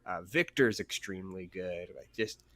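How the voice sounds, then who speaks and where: A man's voice: deep voice, normal speed, a bit bright. A man casually commentating a fighting game tournament stream, chatty and laid-back.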